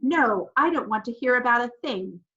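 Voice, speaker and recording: A woman voicing a brisk nun teacher who scolds a group of children in an audiobook. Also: a little high, expressive, sharp tone, lo-fi sound. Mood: scolding. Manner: brisk, scolding, then coaxing. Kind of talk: audiobook character voice.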